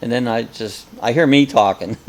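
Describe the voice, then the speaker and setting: A man's voice: medium pitch, normal speed. A man hosting a casual live chat, rambling and joking as he tells stories. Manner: rambling, jokey storyteller.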